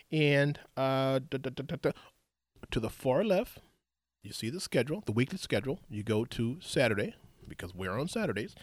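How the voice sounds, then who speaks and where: Chatty high-pitched radio host. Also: male voice, dry recording, studio quality. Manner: loose, rambling, laughs and restarts often. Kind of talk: live radio talk show.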